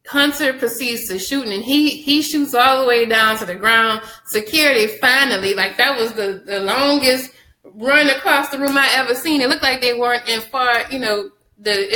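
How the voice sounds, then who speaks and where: A woman recapping a TV episode for her viewers, chatty and animated, addressing them directly and laughing often. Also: fairly high pitch, moderate pace, echoey room, low-quality recording. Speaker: TV show reviewer.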